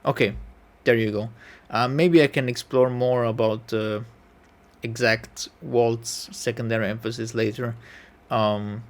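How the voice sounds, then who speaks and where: A man's voice: mid-range voice, steady tone, unhurried. A man taking a music quiz on camera, thinking aloud, correcting himself and humming passages. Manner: musing, self-correcting, hums melodies. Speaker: piano YouTuber taking a quiz.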